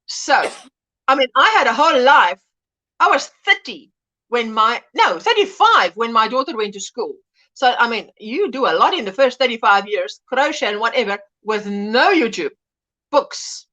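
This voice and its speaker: A woman's voice: a little high, big pitch swings, unhurried, sharp tone. A middle-aged woman hosting a casual livestream chat, reading viewers' comments aloud and laughing often. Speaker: livestream host.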